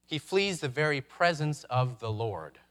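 A man preaching a sermon, reflective, posing rhetorical questions with dramatic pauses. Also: on the high side, animated, a bit bright. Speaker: pastor.

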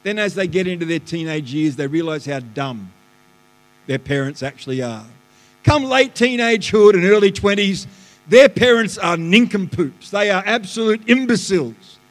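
A man, a pastor preaching a lively sermon that swings between loud bursts and hushed asides, in a church auditorium. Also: sits high, moderate pace. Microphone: live stream stage mic. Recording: live church hall reverb.

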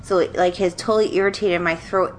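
A woman with a lowish voice chats casually as a co-host. She sounds stuffy and nasal from allergies and rambles along with fillers. A faint hum sits behind her. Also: fairly even intonation, fairly quick. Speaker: podcast co-host. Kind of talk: casual chat.

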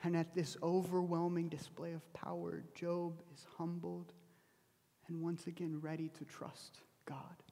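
A man's voice: a little high, flat delivery, measured pace, creaky, dark tone, long reverb tail. A man preaching a sermon, telling a story earnestly and often dropping his voice to a near whisper. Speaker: pastor.

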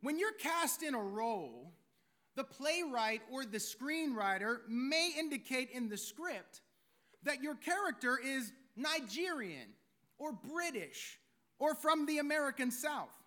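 A male pastor with a very high, bright voice delivers a sermon. His delivery is theatrical, shaped by years in show business. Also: big pitch swings, unhurried. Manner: theatrical, former stage performer.

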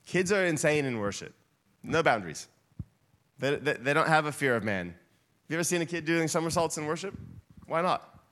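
A man delivers a sermon in a church hall, his fairly high voice leaping up and down with lively animation. He is playful and gets the congregation to call out along with him. His voice rises sharply whenever he whips up the room. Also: brisk, pauses often. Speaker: guest preacher.

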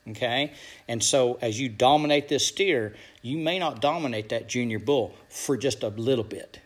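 A man's voice: mid-range voice, normal speed. A man coaching young bull riders and their parents, talking bluntly and swearing, and he keeps asking "you know what I'm saying?". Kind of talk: motivational talk to young riders.

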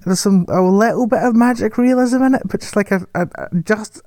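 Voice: mid-range voice, fairly quick, warm tone, dry recording. A person chatting casually about a film, rambling, correcting themselves and laughing often. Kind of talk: casual film review chat.

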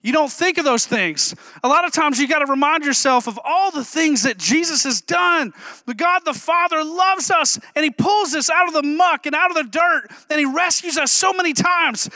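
A man pastor preaching a sermon in a lively, humorous way, joking with the congregation between points. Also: very high voice, no echo.

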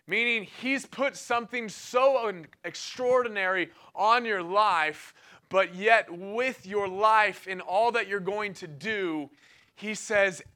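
A man's voice: high voice, bright, forceful tone, clean tone. A young man giving a sermon in a casual, enthusiastic way, telling a personal story and often laughing between phrases. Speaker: preacher.

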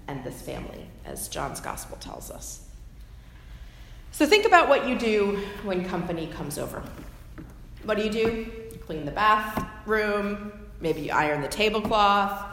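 A woman preaching a sermon, retelling a story with imaginative detail and gentle asides. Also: on the low side, gravelly, a little hiss or hum. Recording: echoey hall with faint ambience.

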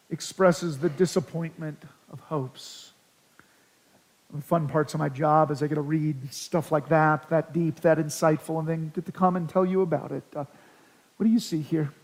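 A man with a high, light voice preaches an earnest sermon. He reads scripture aloud and lifts his voice dramatically when voicing pleas. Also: rough recording. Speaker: pastor.

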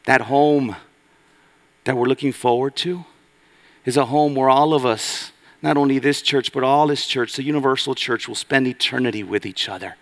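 A man pastor preaching a sermon, swinging between loud emphatic lines and hushed, low passages. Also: moderate pace. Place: church sanctuary.

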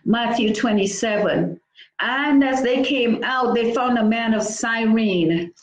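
A woman's voice: fairly high pitch, slow pace, echoey room, poor audio. A woman preaching a sermon, reading scripture aloud and breaking in with exclamations between verses.

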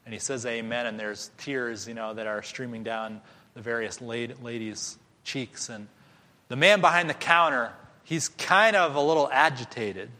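A man preaching a sermon, telling a story with animated voices for each character. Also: medium pitch, normal speed. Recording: long hall reverb.

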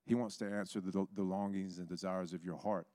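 A man's voice: deep voice, steady tone, fairly quick, warm tone, no echo, studio quality. A man preaching a sermon, telling stories and acting out the voices in them. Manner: storytelling, acts out quoted voices.

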